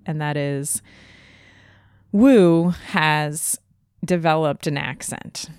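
A woman's voice: deep voice, very slow, a little mellow, smooth, dry recording, clean studio sound. A woman co-hosting a podcast in casual chat, talking with frequent restarts and laughs. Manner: chatty, laughing, many restarts. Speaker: podcast co-host.

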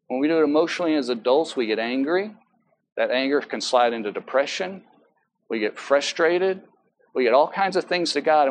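A man's voice: mid-range voice, a little hiss or hum, low-quality recording. A man preaching as pastor in a church, talking in a conversational way with many asides and self-corrections. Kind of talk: sermon. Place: church sanctuary.

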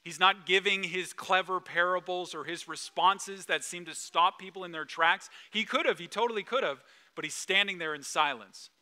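A man preaching a sermon, retelling a Bible story with acted-out quotes and hushed, solemn pauses. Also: sits high. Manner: storytelling, acts out quoted lines, drops to a hush at solemn moments. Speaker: pastor.

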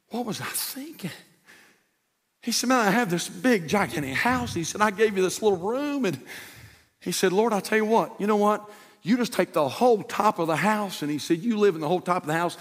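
A male pastor preaching a sermon in a church, telling a story that swings from loud, shouted peaks to hushed, quiet lines. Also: sits high, lively intonation, fairly quick. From United States. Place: church sanctuary. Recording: long church reverb.

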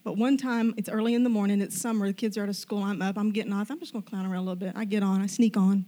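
A middle-aged woman telling a personal faith story, animated and self-deprecating, acting out the lines of the people in it. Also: medium pitch, very fast. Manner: animated, self-deprecating, acts out quoted dialogue.

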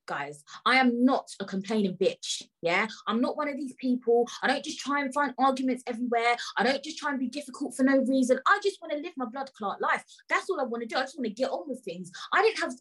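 A woman's voice: sits high, animated, a little fast, fairly bright tone, breathy edge, rough recording. A woman hosting a podcast, telling a story in an indignant, emphatic way, swearing freely and talking straight to her listeners. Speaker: podcast host. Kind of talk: casual storytelling rant.

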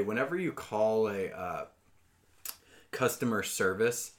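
Lively swearing male podcast co-host. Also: fairly low pitch, measured pace. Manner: animated, swears a lot, shouts mock voices. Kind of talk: casual podcast chat.

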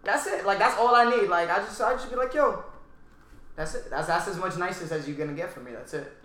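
A man co-hosts a casual podcast, talking quickly and animatedly. His voice is bright and a little high, and he acts out quotes as he tells a story. The room around him echoes. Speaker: podcast co-host. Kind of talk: casual chat.

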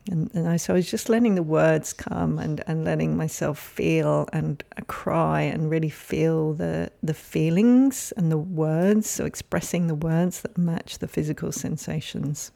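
A woman hosting a solo podcast, speaking in a gentle, caring and reflective way. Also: low voice, steady tone, unhurried, creaky, few pauses. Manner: gentle, soft-spoken, caring. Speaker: podcast host.

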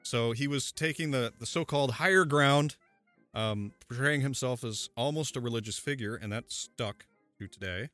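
A man hosting a casual history podcast, chatty and quick to laugh, with plenty of fillers. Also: mid-range voice, fairly bright tone, no room sound, faint music behind. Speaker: podcast host.

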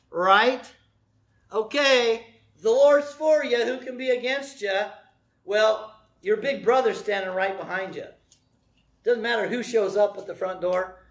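A man delivers a sermon in a high, light voice. He preaches conversationally, throws questions out to the congregation and wanders into a folksy story with asides. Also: a bit bright. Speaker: pastor.

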